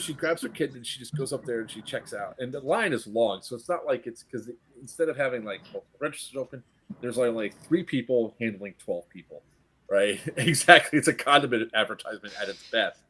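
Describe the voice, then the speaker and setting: A middle-aged grandfather telling animated, profane stories in casual chat, acting out the quotes. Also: medium pitch, moderate pace. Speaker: stream co-host.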